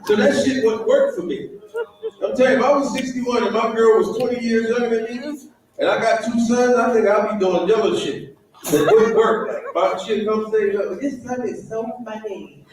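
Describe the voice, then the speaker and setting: A man performing a stand-up comedy set on stage, swearing, laughing and shouting his punchlines. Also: very high voice, moderate pace, noisy background. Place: live comedy venue on stage. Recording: echoey venue mic from far off with loud crowd ambience. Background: loud audience ambience.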